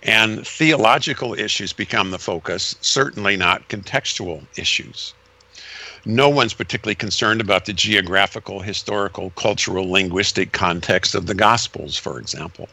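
Man, low-ish and bright, lecturing guest with emphatic, sweeping delivery. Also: moderate pace, vocal fry. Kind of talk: explanatory conversation.

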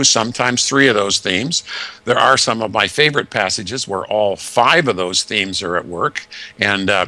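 A man explains Scripture in an earnest, measured way, stacking lists and rhetorical questions. His voice is bright and forward. The sound is dry and close, with no room around it. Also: on the low side, no room sound. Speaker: Bible teacher guest. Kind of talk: conversational Bible teaching.

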